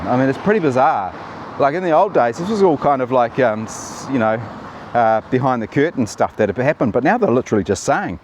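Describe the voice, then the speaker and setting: A man's voice: medium pitch, darkish tone, a little hiss or hum. Sardonic man talking politics. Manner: sardonic, chatty, addresses viewers as "team". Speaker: political commentary host. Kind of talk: casual political commentary.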